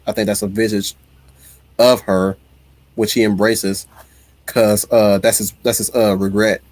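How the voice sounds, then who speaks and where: A man's voice: fairly low pitch, a little slow, no echo. A man hosting a casual livestream, reading viewer comments and rambling with frequent restarts. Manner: rambling, many restarts, animated. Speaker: livestream host reading chat. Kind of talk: casual chat.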